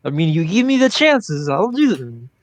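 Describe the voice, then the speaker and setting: A man's voice: a little high, very animated, moderate pace, dry recording. A man playing in a tabletop game who thinks aloud hesitantly and swears casually. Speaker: player.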